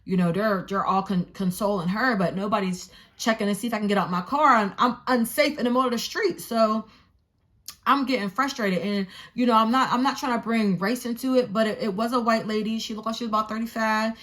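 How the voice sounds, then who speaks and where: Young woman vlogger, casual storytime, animated and swearing, openly exasperated. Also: on the high side, fairly quick.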